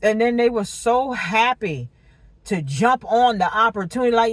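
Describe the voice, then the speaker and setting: A woman with a high voice runs through a tarot spread in a casual monologue. She talks in loose slang, laughing often and swearing without a second thought. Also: a little slow, no echo. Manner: animated and slangy, laughs and curses. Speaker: tarot reader.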